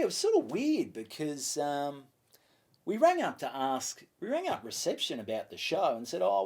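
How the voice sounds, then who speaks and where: An Australian comedian telling a lively story on a podcast, swearing and acting out other people's voices. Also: male voice, mid-range voice. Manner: animated, swearing, acts out voices. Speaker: comedian guest.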